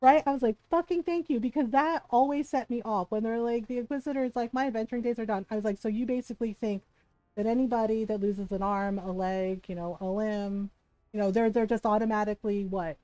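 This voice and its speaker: Woman streamer ranting to chat, kinda high voice, lots of swearing, dry close sound. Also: steady tone, fast talker, dark tone, dry recording, faint music behind, low-quality recording. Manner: heated, profane ranting with frequent laughs. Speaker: game streamer. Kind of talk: casual chat while livestreaming.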